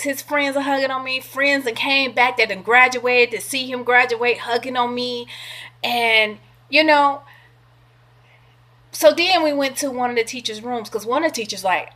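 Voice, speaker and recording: Brief: middle-aged woman, casual vlog storytelling, animated and salty. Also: fairly high pitch. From California. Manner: animated, profane, acts out quoted voices. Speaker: vlogger.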